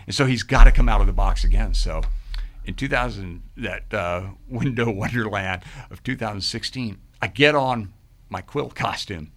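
A middle-aged man, a podcast guest, telling animated stories and acting out quoted voices. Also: lowish voice, normal speed. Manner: lively, acts out quoted voices. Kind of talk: animated storytelling.

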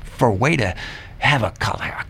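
An older retired man, a guest on a radio talk show, telling stories in an animated way and acting out quoted voices. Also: on the low side, moderate pace, breathy edge. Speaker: radio guest, riddle writer. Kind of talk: casual radio interview chat.

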